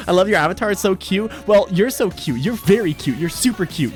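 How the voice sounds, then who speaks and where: A young man chatting with his livestream chat, excitable, swearing freely and repeating himself at home. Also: sits high, brisk, hardly any pauses, faint music behind. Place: home streaming setup.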